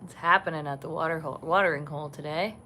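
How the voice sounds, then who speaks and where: A woman hosting a casual livestream from a resort balcony, chatting softly and gushing over the animals she sees. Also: low voice, steady tone, quick pace, a little hiss or hum. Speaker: vlog host. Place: resort balcony overlooking savanna, outdoors.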